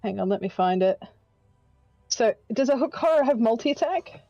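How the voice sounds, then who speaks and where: A woman's voice: a little high, animated, moderate pace, mellow, no echo, dull audio, soft background music. A woman playing in a tabletop game online, talking eagerly and stumbling over her words as she plans and describes attacks. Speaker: player.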